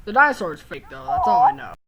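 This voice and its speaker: A woman hosting a reaction video, talking in a slow, amused way. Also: on the high side, wildly swooping pitch, crowd noise. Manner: slow, amused, laughs often. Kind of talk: casual reaction commentary.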